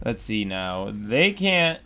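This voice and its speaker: A man's voice: fairly low pitch, very animated, slow pace, pushed and bright, clean tone. A man giving casual commentary over his own game playthrough, goofy and rambling, exclaiming at what happens on screen. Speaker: Let's Play gamer.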